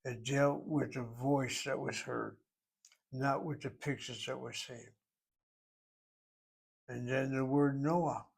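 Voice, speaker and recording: A man's voice: medium pitch, steady tone, creaky, husky. Man explaining Hebrew grammar step by step. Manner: thinks aloud, deliberate, explains step by step. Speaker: Hebrew teacher. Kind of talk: classroom grammar lecture.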